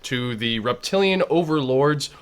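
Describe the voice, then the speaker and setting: A man's voice: mid-range voice, animated, a little slow, smooth. A man hosting a comedy show, bantering playfully and mock-solemn.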